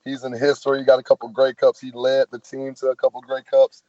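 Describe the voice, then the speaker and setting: A man's voice: mid-range voice, monotone, fast talker, warm tone, no room sound, highs cut off. A man with a Southern US accent, a football player talking casually on a podcast and telling stories with lots of "man" and "you know". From American South. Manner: laid-back, storytelling, says "man" often.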